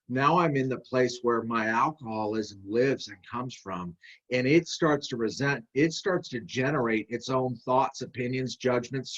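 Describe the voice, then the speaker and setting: A man's voice: medium pitch, a bit bright, lo-fi sound. A man giving a candid, conversational recovery talk in a workshop, rambling and restarting as he goes. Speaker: workshop speaker. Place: video call.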